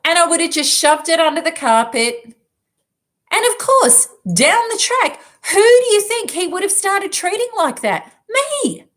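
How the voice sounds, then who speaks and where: A woman self-help speaker telling a personal story in an emphatic, lively way. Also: very high-pitched. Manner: lively, emphatic, quick asides. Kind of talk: storytelling talk to an audience.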